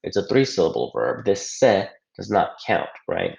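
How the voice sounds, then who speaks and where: A man's voice: deep voice, very animated, moderate pace, gravelly, a little mellow. A man teaching a recorded grammar lesson over slides, patient, going step by step and checking in with the listener. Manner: patient, explains step by step, often checks with "right?". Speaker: Spanish teacher. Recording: echoey room, dull lo-fi sound.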